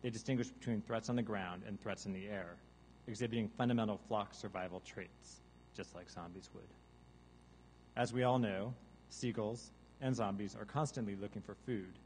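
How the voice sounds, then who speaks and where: A man giving a deadpan mock science lecture to a live audience, now and then breaking into loud seagull caws and zombie groans. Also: lowish voice, normal speed, a little hiss or hum, rough recording. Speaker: guest artist presenting research. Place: large hall with a live audience.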